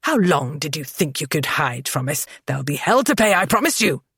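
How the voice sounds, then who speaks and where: A woman voicing a burly, furious middle-aged uncle who shouts harsh threats. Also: low-pitched, very animated, brisk, husky, no echo, studio quality, heavily acted.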